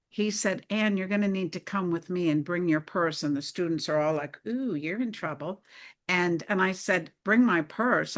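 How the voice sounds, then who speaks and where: An older woman telling a personal spiritual story, acting out the dialogue she quotes. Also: on the low side. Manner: animated, acts out quoted dialogue. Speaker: speaker recounting a near-death experience.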